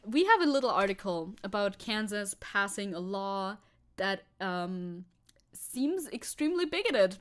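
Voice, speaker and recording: A young woman from Germany streaming as a VTuber, chatting casually with her audience, reading comments aloud and laughing often. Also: a little slow. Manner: chatty, laughs often, reads chat aloud, jumps high when excited. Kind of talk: casual livestream chat.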